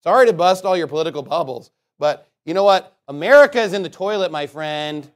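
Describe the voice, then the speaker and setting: A man preaching a sermon in a conversational, sarcastic way, with joking asides and loud scripture reading. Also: on the high side, lively intonation, fairly quick.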